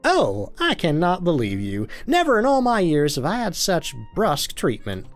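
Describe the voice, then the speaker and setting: A man's voice: high voice, huge pitch swings, normal speed, faint music behind, pitched above the performer's own voice. A man voicing a flirty, saucy middle-aged lady with a put-on Southern US accent, drawling and theatrical. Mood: flirtatious.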